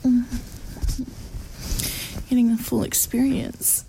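A young woman with a scratchy morning voice, talking in a whispered intimate monologue from her bed, often giggling softly and whispering into a close mic. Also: on the high side, lively intonation, drawn-out words, vocal fry, long pauses. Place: in bed at home.

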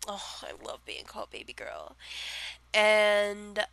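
A woman's voice: mid-range voice, sing-song, takes it slowly, gravelly, fairly bright tone, no room sound. A young woman with a Southern accent chatting casually on a vlog, rambling with lots of fillers and frequent giggles. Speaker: vlogger answering question tag. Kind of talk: casual chat.

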